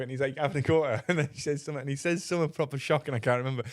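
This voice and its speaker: A man's voice: on the high side, rapid-fire, few pauses. A man with a North East English accent, co-hosting a comedy podcast and retelling a story in a rambling, giggly way with plenty of swearing. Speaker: podcast co-host. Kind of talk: casual chat.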